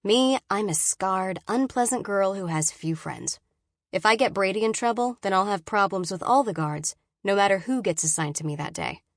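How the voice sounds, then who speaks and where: A woman reading a novel aloud in first person, measured and often hushed and inward. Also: medium pitch, lively intonation, dry recording, clean studio sound. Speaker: audiobook narrator.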